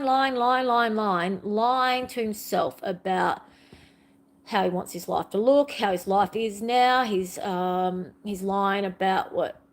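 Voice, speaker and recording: A middle-aged woman giving an earnest, repetitive, confessional monologue in a spiritual vlog, pouring out her feelings. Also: medium pitch. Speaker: spiritual vlogger.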